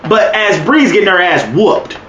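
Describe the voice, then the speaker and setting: Male podcast co-host, higher voice that swings widely, swears freely, roomy room with faint hiss. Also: normal speed. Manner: animated, profane, acts out quotes with laughs. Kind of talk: casual wrestling review chat.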